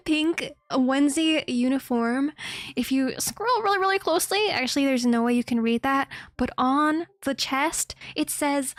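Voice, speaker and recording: Giggly high-voiced young woman streamer. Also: dry recording. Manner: giggly, excitable. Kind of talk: casual chat.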